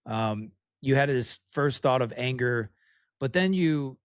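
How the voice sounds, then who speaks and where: A man's voice: medium pitch, lively intonation, slow, no echo. Man asking searching questions, dry sound. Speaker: host, coach. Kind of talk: interview questions.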